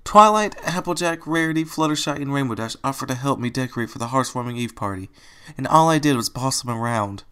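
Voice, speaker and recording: A man voicing a bubbly female party pony who turns bossy and then tearful, in a high put-on girlish voice. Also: lively intonation, quick pace, few pauses, bright, forceful tone.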